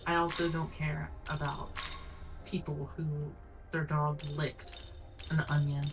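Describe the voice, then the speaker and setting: Streamer woman, low voice, blunt and exasperated, casual chat, mic a little distant. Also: level tone, unhurried, gravelly, music in the background. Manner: blunt, exasperated storytelling with profanity.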